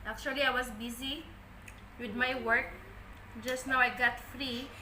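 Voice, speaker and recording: A woman talks to her viewers in an unhurried, plain way while she eats, her voice high and bright. The room at home is echoey. Faint noise, dishes and cutlery clink behind her. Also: fairly even intonation. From Philippines. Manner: chatty, simple plain-spoken phrasing. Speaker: family vlogger. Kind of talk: casual mukbang vlog talk. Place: noisy family home. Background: cutlery and dish clatter.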